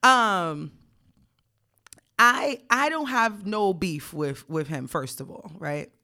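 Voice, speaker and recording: A woman's voice: mid-range voice, expressive, takes it slowly, pushed and bright. A young woman co-hosting a casual podcast, telling a story bluntly and profanely, reading text messages aloud and breaking into frequent laughter. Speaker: podcast co-host.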